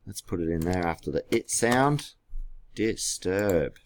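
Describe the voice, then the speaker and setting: A man's voice: low-pitched, lively intonation, normal speed, a little hiss or hum. A man teaching a class through a screen-recorded tutorial, patient and spelling words out letter by letter, with keyboard clicks behind him.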